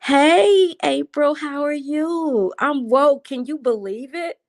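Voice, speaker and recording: Chatting casually from home late at night, a woman responds to her livestream viewers' comments as they come in. She has a high voice and takes her time, yet her natural delivery comes across as excited and animated.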